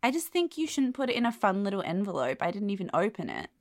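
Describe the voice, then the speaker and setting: A woman, co-hosting a casual chat with quick, wry storytelling. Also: mid-range voice, big pitch swings, darkish tone, dry recording, studio quality. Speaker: podcast co-host.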